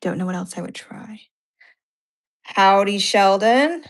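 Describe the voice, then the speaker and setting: A woman's voice: mid-range voice, expressive, slow. A woman chatting casually on a live stream from home, rambling and self-deprecating, with many fillers. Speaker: co-host of art live stream. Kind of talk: casual chat. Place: home upstairs room.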